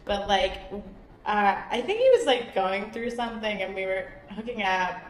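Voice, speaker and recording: A young woman in her twenties, a comedian co-hosting a podcast, telling a story in an animated, giggly way. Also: mid-range voice, normal speed, a little hiss or hum. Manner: giggly, animated, laughs mid-sentence. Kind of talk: casual storytelling chat. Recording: echoey room.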